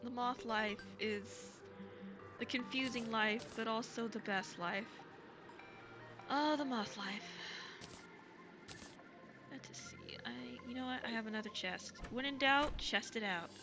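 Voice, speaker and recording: A woman streaming live while gaming, chatting casually and gushing excitedly over her viewers. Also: on the high side, a little slow, pauses often, over music. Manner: bubbly and gushing, thanks chat excitedly.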